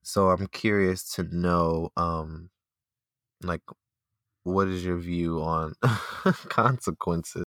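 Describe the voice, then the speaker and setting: A man telling a story in casual chat, animated and full of fillers. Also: sits low, very slow, long pauses, dry recording, clean studio sound. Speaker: podcast co-host, former teacher.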